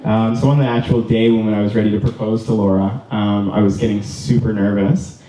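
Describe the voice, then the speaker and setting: A man's voice: on the low side, flat delivery, a little fast, warm tone, a little hiss or hum. A young man from Canada, the groom, giving an earnest, rambling wedding speech full of ums and restarts. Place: wedding reception room. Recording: distant, roomy, slightly dull hall recording.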